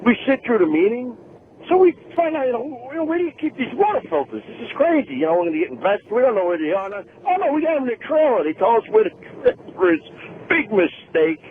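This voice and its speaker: A man phones into a radio show and tells a story excitedly. His voice is very high and jumps all over the place. He comes through a tinny phone line with faint hiss behind him. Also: quick pace. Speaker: caller.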